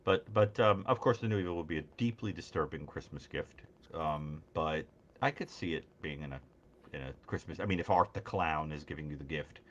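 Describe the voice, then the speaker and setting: Deep-voiced man in playful chat. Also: brisk, a bit bright, muffled recording. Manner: playful, teasing, laughs easily. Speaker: podcast guest. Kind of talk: casual call-in chat.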